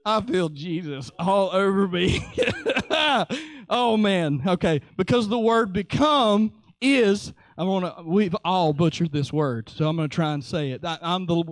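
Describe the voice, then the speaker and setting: Animated high-voiced preacher man. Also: no room sound. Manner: lively, joking, acts out voices. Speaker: pastor. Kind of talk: sermon.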